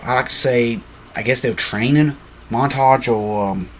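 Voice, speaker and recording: A man's voice: mid-range voice, measured pace, background noise. A man casually telling a fan-made story, rambling and often correcting himself with apologetic asides.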